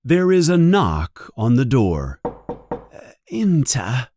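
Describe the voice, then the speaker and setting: Slow, expressive male storybook narrator. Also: medium pitch, noisy background. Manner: clear, deliberate, expressive storytelling. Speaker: audiobook narrator.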